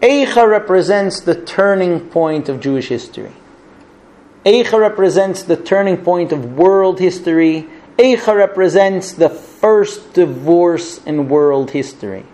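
Impassioned high-voiced man teaching Torah. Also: lively intonation, a little slow, a little mellow. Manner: impassioned, rhetorical, dramatic questions, chants Hebrew verses. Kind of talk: Torah class on the Book of Lamentations.

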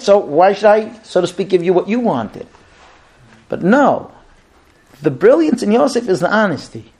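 Teaching Torah in sermon form, this rabbi brings the story to life and performs the voices of the people in it. He speaks in a high voice at a moderate pace.

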